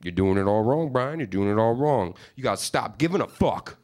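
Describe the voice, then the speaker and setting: A man voicing a dim hillbilly teenager who acts like a gangster, loud and high with swaggering street slang. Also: animated, fairly quick, natural voice. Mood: preachy. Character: dim hillbilly teen acting gangster, shouty.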